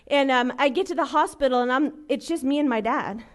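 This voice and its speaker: Woman, 30s, from LA, high voice; earnest, chatty recovery-share delivery with lots of fillers. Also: fairly quick. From Los Angeles. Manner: earnest, conversational, full of fillers, voices the people in her story. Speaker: recovery meeting speaker. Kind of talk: personal recovery story told to a live meeting. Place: meeting room.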